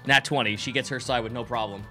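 A man's voice: medium pitch, fairly even intonation, quick pace, sharp tone, faint music behind. A man narrating as game master in a casual tabletop game, loose and chatty with many fillers.

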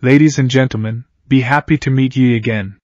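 A kind, gentle schoolteacher speaks calmly and coaxingly, as a man reading the story voices her. The voice stays mid-pitched and close, with dry, slightly muffled sound. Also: brisk, dry recording, close to an everyday voice. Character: gentle, kindly female schoolteacher. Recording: dull, dry close recording.

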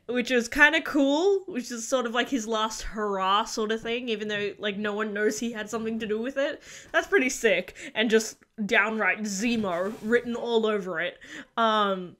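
A young woman giving casual reaction commentary on a show, gushing and excitable with frequent gasps and exclamations. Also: a little high. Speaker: video reviewer reacting to a series finale.

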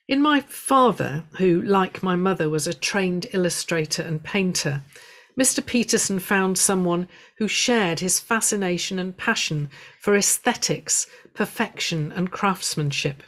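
Slow, measured woman giving a talk. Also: fairly low pitch. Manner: measured, storytelling delivery with gentle humour. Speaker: guest speaker at a local history society. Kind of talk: prepared illustrated talk.

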